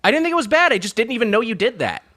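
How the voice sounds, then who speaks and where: A man's voice: very high-pitched, big pitch swings, rapid-fire, pushed and bright. A man co-hosting a comedy podcast who talks in an earnest, careful way that tends to over-explain. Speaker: co-host. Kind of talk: casual comedic chat.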